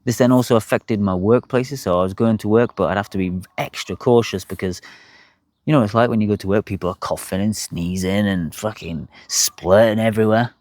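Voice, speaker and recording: A man's voice: lowish voice, a little fast, a little mellow, dry recording, clean studio sound. A young man, bluntly telling his own health story to camera, swearing freely. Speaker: health vlogger.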